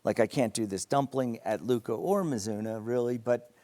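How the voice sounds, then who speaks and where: A man, a chef who owns restaurants, talking about his food on a TV show set in a relaxed and easygoing way, a bit halting at times. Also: mid-range voice. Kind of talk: casual interview.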